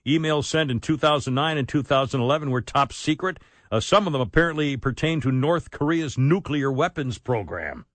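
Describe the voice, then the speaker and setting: Male talk radio host, lively up-and-down voice, wisecracking, frog in his throat, dry studio sound. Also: mid-range voice, fairly quick, dry recording. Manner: wisecracking, laughs at his own jokes. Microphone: studio microphone.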